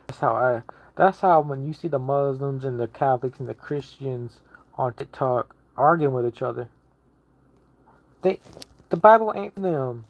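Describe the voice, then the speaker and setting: A man's voice: mid-range voice, fairly even intonation, moderate pace, no echo, lo-fi sound. A man giving a casual online sermon, preaching emphatically and repeating himself as he builds each point. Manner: repetitive, emphatic preaching with restarts. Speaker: lay preacher.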